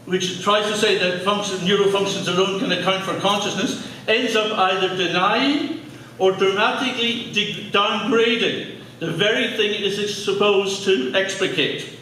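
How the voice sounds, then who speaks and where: An Irish man with a fairly high voice delivers a lecture to a live audience, chatty and joking with the crowd. He is heard from a distance in a very echoey hall, with faint room noise behind him. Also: sharp tone. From Ireland. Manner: conversational, jokey asides with audience. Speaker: speaker giving a public talk.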